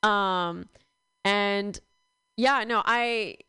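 A young woman performing a rambling, deadpan stand-up comedy set. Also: mid-range voice, extremely slow, clean tone, no echo. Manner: deadpan, rambling with many fillers.

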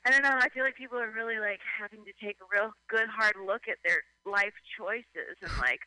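Bright-voiced guy rambling on a radio chat, lots of "like", dry close sound. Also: high voice, a little fast, smooth, no echo, low-quality recording. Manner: animated, rambling, heavy use of "like". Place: at home in San Francisco.

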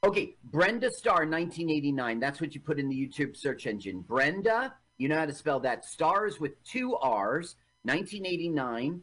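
A man's voice: fairly high pitch, big pitch swings, a bit bright. A man co-hosting a casual radio podcast, offhand, spelling out search terms step by step. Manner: offhand, spells things out slowly. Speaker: podcast co-host and curator. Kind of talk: casual chat.

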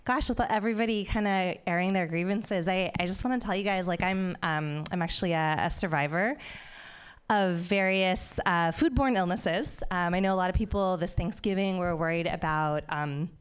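A woman doing a stand-up set on a comedy club stage, wry, with animated mock outrage. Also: on the low side, normal speed, clear, resonant tone.

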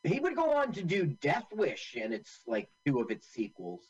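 A man's voice: high voice, huge pitch swings, moderate pace, husky, dull audio. A man co-hosting a casual movie commentary, chatty and full of film trivia. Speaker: co-host.

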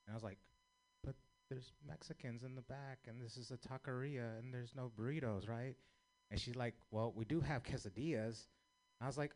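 A young male comic working through a loose, rambling stand-up set. His talk is profane and meandering, with laughs breaking in as he tells stories. His voice sits at an ordinary middle pitch. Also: animated, moderate pace. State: high. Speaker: stand-up comedian.

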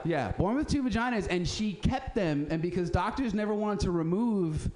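A man's voice: high voice, animated, normal speed, crowd noise. A man hosting a radio show, telling street stories in a casual, profane way and acting out the people he quotes. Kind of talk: casual storytelling chat.

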